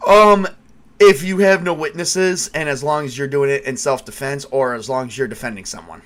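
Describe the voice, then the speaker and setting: A man narrating as game master with lively storytelling. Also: medium pitch, normal speed.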